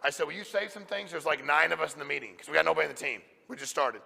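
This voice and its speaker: A middle-aged man, a company president, giving a blunt, forceful motivational talk to a live audience. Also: a little high, rapid-fire, vocal fry. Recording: reverberant hall sound.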